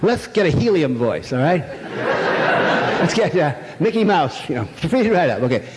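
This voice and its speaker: A man's voice: a little high, big pitch swings, normal speed. An older man giving an irreverent, rambling public lecture, full of jokes and fillers, to a live audience. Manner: irreverent, rambling, jokey storytelling with many fillers. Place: large lecture hall. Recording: echoey hall, faint noise.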